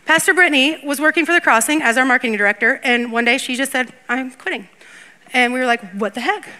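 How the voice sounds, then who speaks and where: High bright woman pastor preaching. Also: fast. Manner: lively, laughing, chatty preaching. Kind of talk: sermon and stage interview. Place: church stage.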